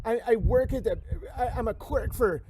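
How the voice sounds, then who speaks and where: A shrill, whiny young clerk squeals in outrage, his voice jumping far above the speaker's normal register, as a man mocks him. It sounds clearly put on and exaggerated. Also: moderate pace, background noise. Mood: outraged. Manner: whiny, outraged, high-pitched mocking. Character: indignant, entitled young male court clerk.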